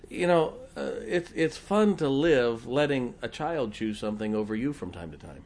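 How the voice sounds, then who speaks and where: A man's voice: mid-range voice, lively intonation, normal speed, few pauses, a little mellow. A middle-aged man preaching a sermon as pastor, folksy and often joking and laughing with the congregation.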